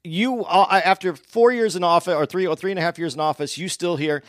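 A man's voice: high voice, brisk, no room sound, clean studio sound. Insistent man in a political argument. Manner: insistent, interrupting, repeats points. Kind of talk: casual political debate.

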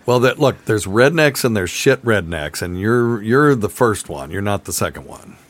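A man's voice: lowish voice, expressive, normal speed. A middle-aged man from the North Carolina mountains hosting a casual call-in podcast, chatting in a folksy, chuckling way. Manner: easygoing, chuckling, folksy storyteller. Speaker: podcast host taking calls.

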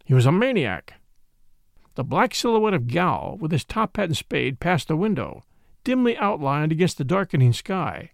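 A man narrating a classic mystery story in a measured, expressive storytelling style. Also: on the high side, vocal fry, no room sound, clean studio sound. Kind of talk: scripted audiobook narration.

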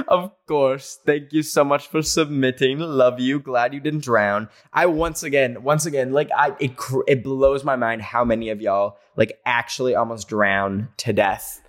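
A man's voice: mid-range voice, unhurried. A young man hosting a podcast from home, reading listener stories in a rambling, joking chat full of "like" fillers. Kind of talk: casual chat. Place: home, near a garage.

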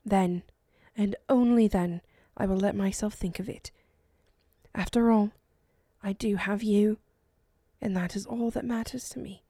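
A fragile young woman in a storybook, grief-stricken and soft-spoken, as a woman reads her lines, her words slipping into breathy whispers. The voice is mellow and close, with a dry, dead sound around it. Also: mid-range voice, fairly even intonation, a little slow, no room sound. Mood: calm resolve.

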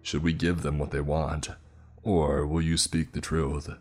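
A man's voice: very deep voice, lively intonation, normal speed, a little mellow, soft background music. A man voicing an eyeless male forest creature who questions with sarcastic, mock concern. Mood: menacing.

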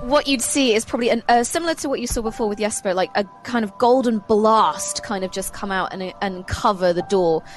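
A woman's voice: medium pitch, fairly quick, few pauses, faint music behind. A woman player in a tabletop game, describing her character's action hesitantly. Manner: hesitant, thoughtful.

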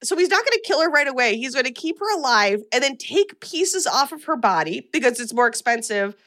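Chatty woman podcast host, animated. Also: sits high, fairly quick. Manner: chatty, animated, many fillers. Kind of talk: casual chat recapping a film.

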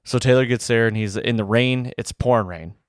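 A man recounting a bowhunt in a casual, rambling and excited way, full of fillers like "you know". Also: mid-range voice, a little fast, dry recording, studio quality. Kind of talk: casual storytelling to camera.

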